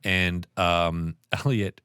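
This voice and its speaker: A man's voice: sits low, drawn-out words, smooth, no room sound, studio quality. A man in his thirties co-hosting a podcast, telling family stories in casual chat and swearing often. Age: 30s. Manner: animated storytelling, swears often. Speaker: podcast co-host.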